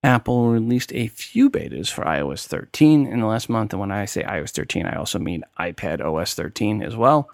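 A man's voice: on the low side, animated, brisk, vocal fry, few pauses, dry recording, clean studio sound. A man hosting a tech podcast with a New York accent, talking casually and explaining steps one by one. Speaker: podcast host.

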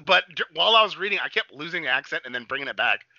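A man chats loosely on a podcast, swearing freely as he tells stories. His voice is very bright and swings widely in pitch. The recording is dry and dull, like a lo-fi mic. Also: racing, gravelly, dry recording. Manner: loose, swearing, animated storytelling. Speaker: podcast co-host. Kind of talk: casual chat.

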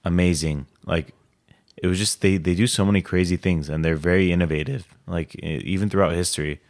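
A man's voice: low voice, fairly even intonation, brisk, a little mellow. A young man co-hosting a podcast, chatting in a rambling, enthusiastic way with many fillers. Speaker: podcast co-host. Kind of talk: casual chat.

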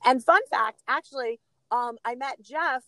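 Middle-aged woman podcast co-host, animated storyteller, slightly high voice, dry close sound. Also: a little slow, dry recording. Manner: animated storytelling, laughs often, gives shout-outs. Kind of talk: casual chat.

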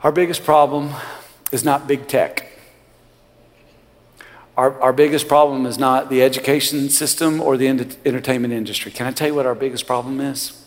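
A male pastor preaching a sermon, swinging from loud rising lines to quiet low ones. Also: little pitch movement, moderate pace. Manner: preaching with sudden loud rises and quiet drops. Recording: long hall reverb.

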